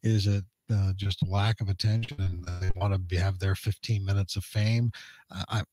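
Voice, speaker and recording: A man's voice: deep voice, level tone, normal speed, dark tone, a little hiss or hum. A middle-aged man, a police public information officer, explaining a case earnestly as a radio interview guest, with many "uh" fillers.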